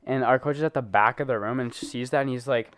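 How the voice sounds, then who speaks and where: A man's voice: medium pitch, fast, a bit bright, clear, resonant tone, dry recording. A teenage boy co-hosting a podcast, telling a long story in casual chat, rambling with lots of fillers and laughing as he goes. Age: teens. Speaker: podcast co-host.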